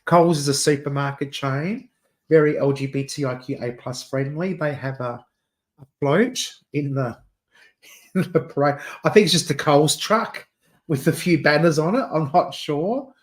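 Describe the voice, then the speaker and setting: A man's voice: on the high side, moderate pace. A man with an Adelaide Australian accent, hosting a casual livestream chat, chatty and camp, laughing often and calling listeners dear. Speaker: channel host.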